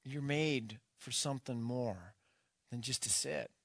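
Middle-aged pastor man preaching casual, cracks jokes, lots of um's, gets worked up telling a story, mid pitch, dry sound. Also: unhurried, creaky, fairly bright tone, dry recording. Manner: casual, joking asides, fillers, builds to emphatic storytelling. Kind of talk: conversational sermon.

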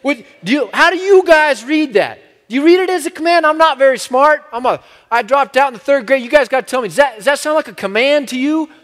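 Gentle, resonant elderly man with a halting cadence, put on by a male preacher, high-pitched, in a reverberant hall. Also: expressive. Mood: pleading.

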